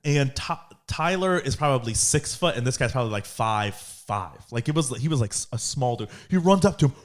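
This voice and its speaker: A young man co-hosting a podcast, telling a story in casual chat and acting out quotes in high voices. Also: a little fast, hardly any pauses. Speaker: podcast co-host.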